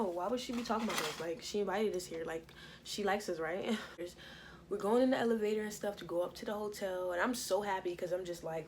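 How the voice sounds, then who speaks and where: Young woman vlogger, mid-pitched, animated storyteller, profane, light room noise. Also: a little fast, poor audio. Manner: animated, profane, acts out quotes. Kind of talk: casual storytelling vlog.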